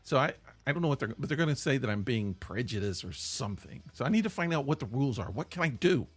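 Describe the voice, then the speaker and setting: A middle-aged man co-hosts a casual podcast, wandering through his thoughts as he talks. His pitch swings widely, rising and dipping as he goes. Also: big pitch swings, fast, husky. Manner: musing, rambling, thinking out loud. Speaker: podcast co-host. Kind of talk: casual chat.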